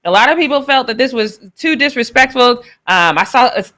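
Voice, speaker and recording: A woman's voice: on the high side, animated, brisk, sharp tone. A woman from the United States hosting a live sports talk show, chatting casually and laughing as she reacts to clips. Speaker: host. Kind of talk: casual commentary on sports news.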